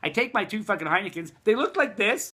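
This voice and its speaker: Bright-voiced swearing man ranting. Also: high-pitched, a little fast, slightly rough. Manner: rambling, heavy swearing, excitable. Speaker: vlogger. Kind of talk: casual profane rant.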